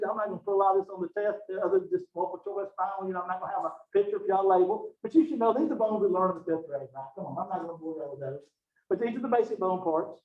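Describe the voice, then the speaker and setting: A man giving a college biology lecture in a folksy, joking way, talking to his students with y'all and okay. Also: sits high. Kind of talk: recorded classroom lecture. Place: classroom. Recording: echoey classroom, distant, phone-like audio.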